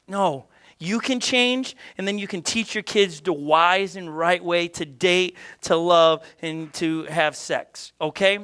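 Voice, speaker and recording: A middle-aged man preaching a sermon, energetic and conversational, with frequent restarts and acted-out asides. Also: high-pitched, unhurried, clear, resonant tone. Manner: energetic, restless, with many restarts and quoted asides. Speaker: pastor.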